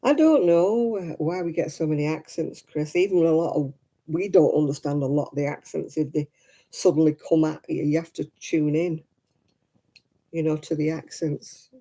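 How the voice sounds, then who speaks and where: Stream host, male, slightly high and very mellow, easy chatty delivery with frequent laughs. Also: normal speed. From Manchester, England. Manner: chatty, laughs often, reads out viewer comments. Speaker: host of a crafting livestream. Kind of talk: casual chat answering viewers.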